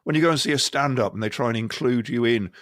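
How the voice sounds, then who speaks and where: A man's voice: medium pitch, quick pace, no room sound, clean studio sound. A middle-aged man co-hosting a comedy podcast, rambling and slipping into silly impressions. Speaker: podcast co-host. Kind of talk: comic podcast banter.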